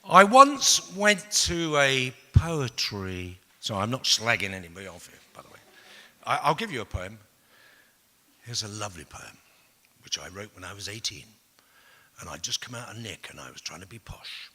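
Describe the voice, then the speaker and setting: A man's voice: fairly low pitch, sing-song, normal speed. Older man telling stories in a hall. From England. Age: 60s. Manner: swings from loud outbursts to hushed asides; blunt and profane. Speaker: speaker. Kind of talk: storytelling talk to an audience. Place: large hall with an audience. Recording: long reverb of a large hall.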